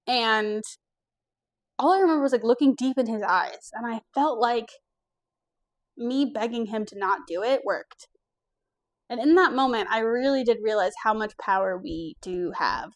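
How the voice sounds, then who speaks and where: Young woman doing a storytime vlog, kinda high voice, chatty and blunt, curses a bit. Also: normal speed. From US East Coast. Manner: candid, casual, swears, acts out quotes. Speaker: vlogger.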